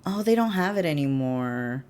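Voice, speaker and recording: A woman livestreaming, chatting casually with viewers, laughing often and breaking into excited bursts. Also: low voice, moderate pace. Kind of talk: casual live-stream chat.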